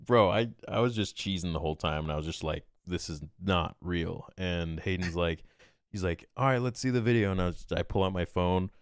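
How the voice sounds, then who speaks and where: A man's voice: deep voice, clear, resonant tone, no room sound, studio quality. A man, a podcast guest, telling a story in casual talk and acting out quoted exchanges with animation. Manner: animated, quotes himself and others in quick exchanges.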